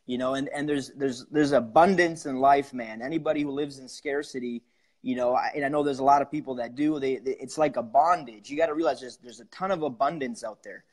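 A man talking in a casual interview, energetic and upbeat, with a raised excited tone. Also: medium pitch, husky. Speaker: wholesaler and coaching student.

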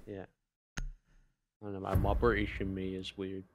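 A man's voice: low-pitched, monotone, unhurried, very noisy. A man joking and telling silly stories with friends during a shooter game. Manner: goofy, puts on silly voices. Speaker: gamer. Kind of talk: casual gaming banter.

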